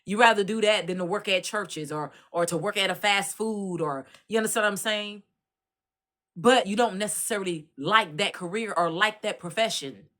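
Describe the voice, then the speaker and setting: A woman from Dallas with a Texas accent, giving casual commentary and telling animated stories in colloquial Southern speech. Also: mid-range voice. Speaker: commentary host.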